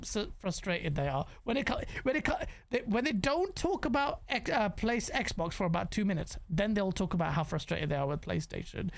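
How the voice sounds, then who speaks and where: A man hosting a gaming podcast in casual chat, ranting in an animated way, swearing freely and stumbling over restarts. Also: high voice, creaky.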